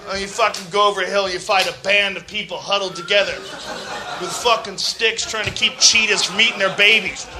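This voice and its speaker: A man doing a stand-up comedy set, profane and ranting, swinging from shouting bits to low muttered asides. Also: steady tone, a little fast, noisy background.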